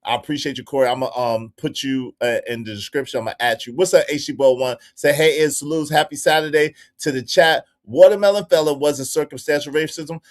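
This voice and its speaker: A man hosting a casual livestream, talking to his chat in an animated, repetitive way. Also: a little high, a little fast, few pauses. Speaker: livestream host.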